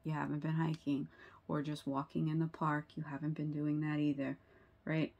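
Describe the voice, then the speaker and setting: A woman's voice: deep voice, flat delivery, moderate pace, creaky, darkish tone, lo-fi sound. A woman giving a tarot reading to her viewers, earnest and sympathetic, often asking "right?" and using fillers. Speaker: tarot reader.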